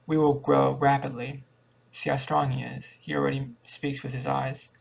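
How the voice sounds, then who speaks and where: A man's voice: mid-range voice, little pitch movement, normal speed, gravelly. A man voicing an eager, earnest young mother talking about her baby son.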